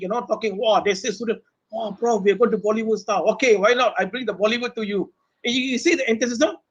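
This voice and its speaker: Man, middle-aged, Malaysian English accent, professor, panel talk, animated, rhetorical questions, high voice, dull lo-fi call audio. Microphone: webinar video call mic.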